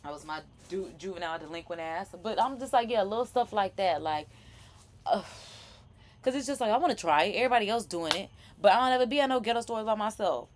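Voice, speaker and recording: A woman's voice: mid-range voice, animated, brisk, a little mellow, slight background noise. A young woman hosting a casual live chat, chatty and rambling, with laughing asides and many restarts. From Florida. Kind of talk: casual commentary.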